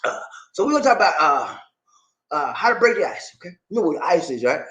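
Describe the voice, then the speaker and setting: A man with a high, slightly bright voice talks fast and very animatedly while hosting a casual dating advice video. He is playful and hypes up his viewers with repeated phrases, recorded in an echoey room.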